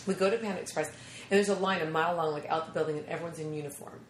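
Animated woman telling a comic story. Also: low-pitched, rapid-fire, echoey room, a little hiss or hum. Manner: animated, acts out quoted voices, laughs often. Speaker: comedian guest. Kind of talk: casual storytelling chat.

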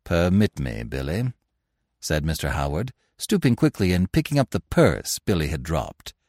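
A man narrating a classic story in an expressive, dramatic audiobook reading. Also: deep voice, moderate pace, dry recording, studio quality.

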